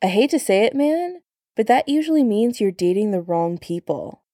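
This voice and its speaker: A woman's voice: mid-range voice, sing-song, normal speed, warm tone, dry recording, clean studio sound. A woman voicing a teasing easygoing young man. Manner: light, teasing, reassuring.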